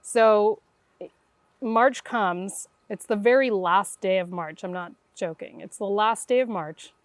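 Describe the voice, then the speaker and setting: A woman's voice: mid-range voice, slow pace, no echo. A middle-aged woman, a guest intuitive, telling her story in conversation and acting out the voices of the people in it. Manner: animated, acts out quoted dialogue.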